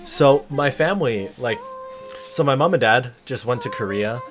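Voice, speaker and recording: A man's voice: medium pitch, lively intonation, normal speed, over music. A tired man hosting a livestream in casual chat, rambling and self-deprecating. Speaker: livestream host.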